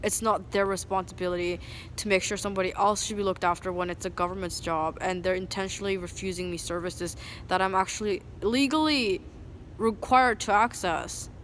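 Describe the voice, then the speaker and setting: A woman's voice: fairly even intonation, brisk. Agitated woman venting outdoors, street noise. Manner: agitated, rambling, heavy use of "like"; swings from low muttering to loud indignant. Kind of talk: venting to camera. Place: outdoors at a city bus station. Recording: street noise and passing vehicles.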